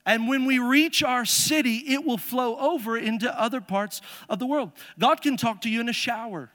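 A man preaching a sermon as pastor in a church, animated and building in emphasis. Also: extremely high pitch, moderate pace. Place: church sanctuary. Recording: echoey church hall.

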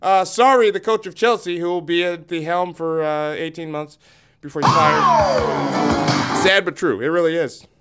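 A man co-hosting a casual sports podcast, teasing the host and reading out sports facts with deadpan asides. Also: on the high side, unhurried, soft background music.

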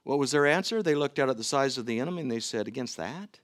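A middle-aged man preaching a sermon to his church, earnest and given to halting restarts. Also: medium pitch, lively intonation, no room sound, studio quality. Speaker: pastor.

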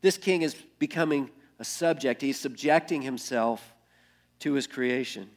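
A man's voice: mid-range voice, measured pace. Male pastor, mid-range voice, earnest sermon delivery that builds through repetition and sinks to near-whispers. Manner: earnest, builds with repeated phrases, often drops to a hush.

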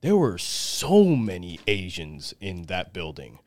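A man's voice: low voice, wildly swooping pitch, slow, darkish tone. A man in his thirties telling long rambling stories on a casual podcast, swearing freely and laughing often. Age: 30s. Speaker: podcast co-host. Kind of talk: casual storytelling chat.

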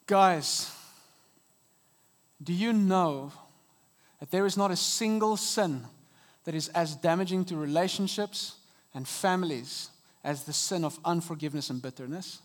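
A man preaching a sermon from a church stage into a microphone, earnest and dynamic, with sudden soft drops and emphatic rises. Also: fairly high pitch, a little slow. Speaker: pastor. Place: church auditorium.

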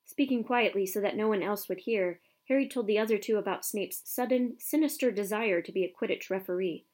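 Female audiobook narrator, steady storytelling, mid pitch. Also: fairly quick. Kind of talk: scripted narration.

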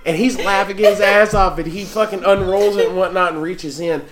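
A man's voice: sits high, steady tone, fairly quick, a crowd in the background. A man telling a crude, profane story to friends, often laughing as he talks. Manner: profane, laughing through his own story. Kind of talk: casual storytelling among friends.

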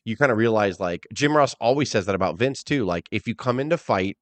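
A man hosting a casual podcast, telling rambling, profane stories and slipping into quick impressions. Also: fairly low pitch, expressive, no room sound. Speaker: podcast host. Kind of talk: casual wrestling talk.

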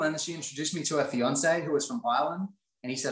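A man's voice: on the high side, fast, few pauses, a bit bright. A man sharing his life story in an earnest, motivational way, often repeating phrases for emphasis. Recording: roomy echo.

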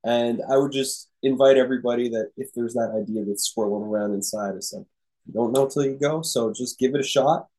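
A man's voice: mid-range voice, brisk, dark tone, poor audio. A man hosting a podcast, giving casual, encouraging coaching talk to entrepreneurs, rambling with fillers and restarts. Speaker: podcast host and business coach. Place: room with a live audience.

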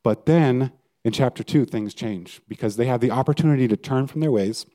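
A man's voice: mid-range voice, a little fast, mellow. A male pastor giving a conversational sermon and putting questions to his listeners. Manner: conversational preaching, asks the audience questions.

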